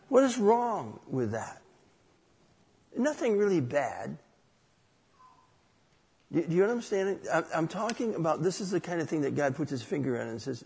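A man's voice: on the high side, big pitch swings, moderate pace, vocal fry, pauses often, a little mellow, slightly rough, in a large hall. A man preaching a conversational sermon, asking rhetorical questions and telling a personal story.

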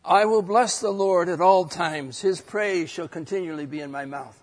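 A man preaching a sermon and reading scripture aloud, swinging between loud declaring and quiet, reflective reading. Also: high-pitched, moderate pace. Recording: long hall reverb.

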